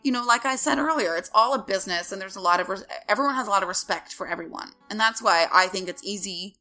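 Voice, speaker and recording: A woman tells a rambling story in quick, animated chat, peppering her speech with fillers. Her voice is bright and sharp, with faint music behind her. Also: medium pitch. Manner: fast, animated, lots of fillers like "like". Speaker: entertainment interviewer telling a story.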